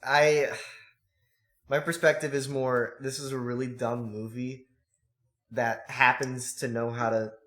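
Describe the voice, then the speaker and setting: A man at a middle pitch with a bright, forceful tone, talking through a movie in a casual podcast chat. He rambles and lays out his points at length, dropping casual swears. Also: little pitch movement, unhurried, pauses often. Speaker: podcast co-host.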